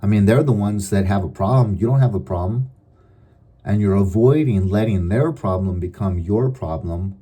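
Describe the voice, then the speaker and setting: A middle-aged man giving advice in a calm, measured, deliberate monologue. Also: on the low side, husky. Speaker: advice vlogger.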